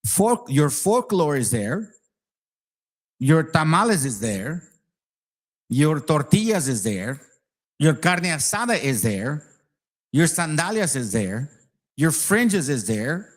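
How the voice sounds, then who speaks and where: A man rants heatedly in a voice that sits a little high for a man. He swears freely and slips into sarcasm as he argues his point, talking straight to his viewers. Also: big pitch swings, takes it slowly, pauses often. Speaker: channel host. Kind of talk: ranting commentary.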